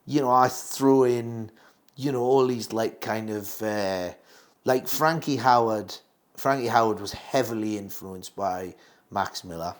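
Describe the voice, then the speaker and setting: Man telling comic stories in chat. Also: lowish voice. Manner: animated storytelling, quick asides. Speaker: comedian guest. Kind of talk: casual chat.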